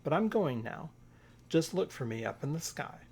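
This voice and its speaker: A man reading a storybook aloud, voicing an eager, excitable little bear cub. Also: fairly high pitch, moderate pace, vocal fry, slightly rough, exaggerated voice. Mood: determined.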